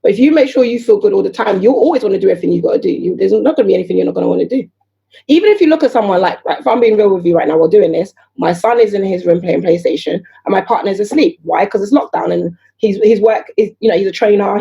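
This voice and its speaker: A woman talks as a podcast guest in a quick, lively patter. Her voice is mellow and warm. She keeps firing rhetorical questions and slips into the voices of the people in her stories. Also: medium pitch, vocal fry, muffled recording. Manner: animated, rhetorical questions, acts out voices of others. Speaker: guest entrepreneur. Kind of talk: casual podcast conversation.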